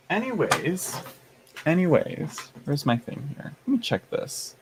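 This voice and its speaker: A man's voice: fairly high pitch, huge pitch swings, unhurried, background noise. Tired, chatty man live-streaming. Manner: rambling, chatty, with many fillers and restarts; playful sass, addresses chat as y'all and honey. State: tired, yawning. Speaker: tarot streamer. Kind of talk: casual live-stream chat.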